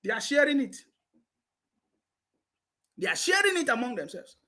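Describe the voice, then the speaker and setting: A man's voice: very high-pitched, big pitch swings, normal speed, bright, forceful tone. A man with a Nigerian accent giving mocking political commentary, repeating himself and laughing with scorn.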